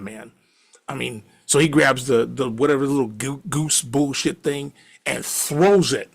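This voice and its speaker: A middle-aged man telling a story casually, animated, laughing often and swearing freely. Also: mid-range voice, vocal fry, breathy edge.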